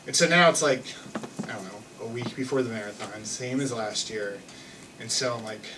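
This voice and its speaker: A man's voice: mid-range voice, normal speed, recorded from a distance, noisy background. A young man telling a personal story on stage in a loose, self-mocking way, full of restarts and fillers. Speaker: live storyteller. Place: theater stage with an audience.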